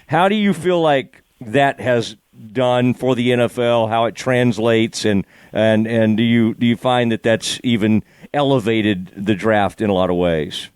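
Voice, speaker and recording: A man's voice: medium pitch, measured pace, hardly any pauses, a little mellow, smooth, no room sound. A man hosting a casual chat, asking easygoing, rambling questions. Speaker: podcast host.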